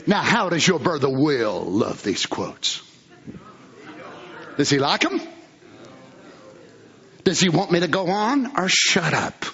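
A man preaching a fervent sermon, swinging between shouts and low asides. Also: very animated, slow pace, gravelly, long pauses, muffled recording.

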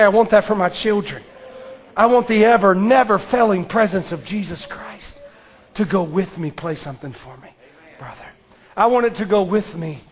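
A man preaching an impassioned sermon, swinging from ringing declarations to hushed near-whispers and repeating his phrases for emphasis. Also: high voice. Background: faint music.

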